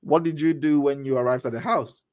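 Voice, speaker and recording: A man's voice: fairly high pitch, steady tone, brisk, darkish tone. Man cold-reading court transcripts aloud. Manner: reads all parts aloud, stumbling and restarting, with asides. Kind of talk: cold read of a transcript with commentary.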